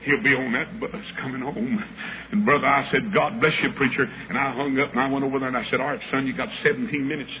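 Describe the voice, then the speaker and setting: An older man delivers a sermon at a fast clip, his medium-pitched voice holding a steady tone. He tells a story in a folksy, dramatic style, acting out the voices of its characters. The old recording is muffled and full of hiss.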